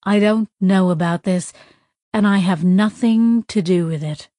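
A woman voicing a gruff, wary male alien shopkeeper, talking bluntly and defensively. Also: mid-range voice, measured pace, dark tone, dry recording, studio quality, lightly acted.

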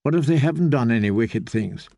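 A male narrator reading as a gentle, courteous young noblewoman, spoken softly. The voice carries a light gravel and a close, dry sound. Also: medium pitch, lively intonation, fairly quick, no echo. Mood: polite.

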